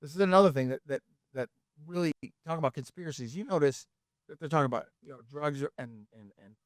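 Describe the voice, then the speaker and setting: Smooth-voiced American man, emphatic and knowing. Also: on the high side, quick pace, dry recording, studio quality. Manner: emphatic, conspiratorial asides, keeps asking right?. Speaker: podcast co-host. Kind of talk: casual podcast chat.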